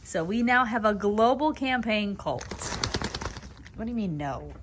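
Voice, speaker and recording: A woman chatting casually on camera in a horse barn at night, rambling and laughing, cooing softly to the mares and foals. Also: medium pitch, animated, unhurried, a little hiss or hum. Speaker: foaling attendant filming her barn. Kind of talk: casual vlog chat.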